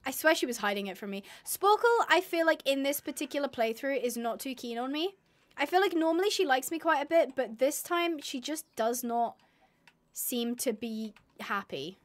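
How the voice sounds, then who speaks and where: A woman's voice: sits high, lively intonation, normal speed. A woman streaming a game live, chatting and mocking herself as she talks to her animals. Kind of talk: live gameplay commentary.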